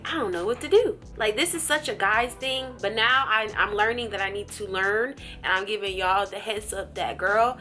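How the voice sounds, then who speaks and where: Woman vlogger, bright clear voice, animated storyteller, faint music underneath. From USA. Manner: animated, jumps high in pitch when acting out her own thoughts. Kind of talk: casual vlog storytelling.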